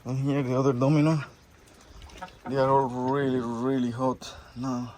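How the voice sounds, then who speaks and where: A man filming his animals outdoors on rural land, cooing baby talk with high squeals and musing slowly between calls. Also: flat delivery, darkish tone, slight background noise. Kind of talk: casual chat to animals and camera.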